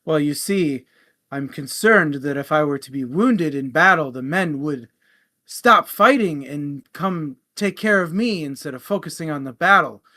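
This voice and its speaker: A man's voice: fairly high pitch, expressive, a little slow, bright, forceful tone. A man playing a composed ship captain. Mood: calm. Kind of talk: telling a joke.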